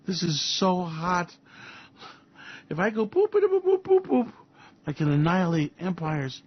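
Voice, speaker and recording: A man's voice: on the high side, fairly even intonation, moderate pace, close to an everyday voice. A man voicing a boastful male leader toying with a nuclear button, gloating with childlike sound effects. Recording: dull lo-fi audio.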